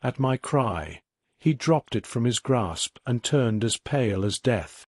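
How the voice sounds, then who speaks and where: A man reading a classic mystery aloud as a sleep story in a measured, even way. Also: medium pitch, slightly rough, dry recording, studio quality. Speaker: audiobook narrator. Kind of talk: scripted sleep-story narration.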